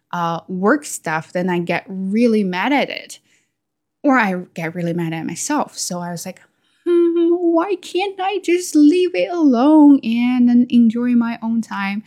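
Warm-voiced woman musing candidly. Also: mid-range voice. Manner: candid, self-questioning, with lively quoted asides. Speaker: vlogger. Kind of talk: casual reflective monologue.

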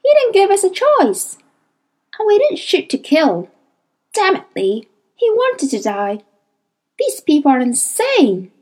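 A woman's voice: very high-pitched, wildly swooping pitch, takes it slowly, pauses often, a little mellow, pitched above the performer's own voice, full character voice. A woman voicing a blunt, practical female animal companion in an audiobook, urging her partner on. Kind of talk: audiobook character reading.

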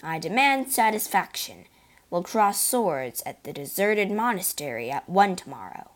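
A tall, pompous male musketeer, as a woman puts him on. He bellows his complaints with puffed-up pride. Low and loud, a storybook voice. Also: very animated, a little slow. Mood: outraged.

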